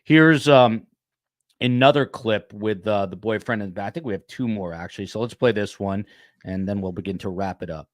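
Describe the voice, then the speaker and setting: A man's voice: lowish voice, normal speed, no echo, clean studio sound. A man hosting a podcast panel, casual and full of fillers as he plays clips. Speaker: podcast host.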